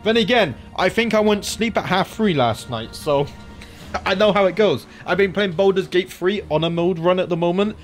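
A man's voice: sits high, normal speed, soft background music. An Australian man streaming a strategy game, chatting casually, thinking aloud and muttering as he clicks through menus. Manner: chatty, thinks aloud, mutters and self-corrects, frequent mild swearing. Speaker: gaming streamer. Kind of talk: casual live-stream commentary while playing a strategy game.

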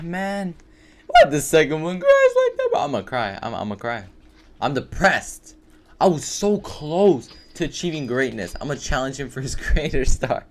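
A man giving live gameplay commentary for his video, excitable and full of profane trash talk. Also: medium pitch. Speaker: gaming video creator.

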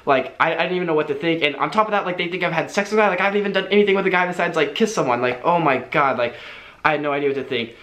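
A young man telling a personal story to the camera, earnest and quick, with lots of "like" fillers. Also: fairly high pitch, a bit bright, echoey room. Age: young adult. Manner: fast, earnest, filler-heavy with frequent "like". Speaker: vlogger.

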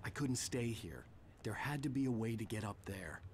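An actor playing a brooding male writer who narrates his own nightmare in a grim, measured game voice-over, sometimes hushed. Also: fairly low pitch, animated, slight background noise, lightly acted. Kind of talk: scripted noir game narration.

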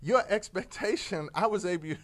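A man telling a fable in an animated, conversational way during a discussion show. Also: high-pitched, normal speed. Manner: animated, conversational, with filler words. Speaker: panel guest. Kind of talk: storytelling in a discussion.

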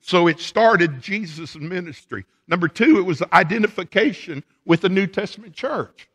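A man's voice: sits high, lively intonation, moderate pace, fairly bright tone, breathy edge, big-room sound. A male pastor preaching a sermon in a church sanctuary, laying out his points one by one with emphasis.

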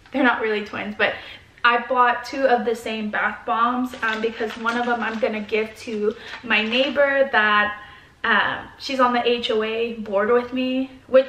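Unhurried chatty woman vlogger at home, gushing, echoey room with faint hiss. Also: a little high, sharp tone. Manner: gushing, chatty, lots of fillers. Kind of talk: casual unboxing chat. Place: her home.

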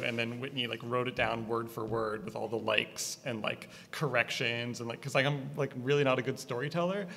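A man from Connecticut with an East Coast accent, a filmmaker talking casually about his film, halting, with many fillers. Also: medium pitch, gravelly, fairly bright tone. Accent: East Coast American. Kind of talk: casual conversation at a screening. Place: art gallery. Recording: reverberant gallery space.

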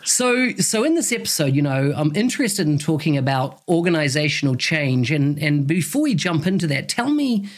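A man's voice: fairly high pitch, sing-song, moderate pace, hardly any pauses. A man with a New Zealand accent hosting a podcast in friendly, casual chat and laughing easily. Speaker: podcast host.

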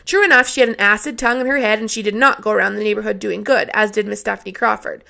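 A woman reading a novel aloud with steady, plain delivery. Her voice is fairly high, gravelly and bright. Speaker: reader. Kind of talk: audiobook narration.

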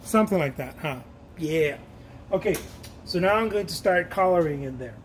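A man's voice: sits high, lively intonation, normal speed, slight background noise. A man talking casually while he paints, rambling, joking about himself and laughing often. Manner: self-mocking and playful. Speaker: painter hosting his own art channel.

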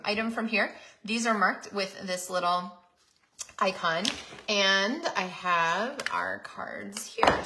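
Bright, chatty woman showing cards. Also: medium pitch. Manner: chatty, enthusiastic, frequent ums. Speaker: host showing handmade cards. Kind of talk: casual live demo.

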